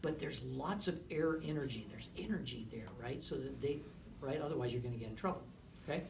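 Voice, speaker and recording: This man, a music clinician, has a mid-range voice with vocal fry and talks a little fast while coaching a brass ensemble in a rehearsal room. Encouraging throughout, he checks in with "right?" and "okay?" after nearly every point. The recording is roomy and distant, with faint noise behind it.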